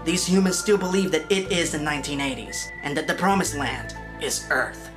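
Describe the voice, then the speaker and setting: A woman's voice: deep voice, moderate pace, over music. A woman narrating a comedic film review in a sarcastic, exasperated manner.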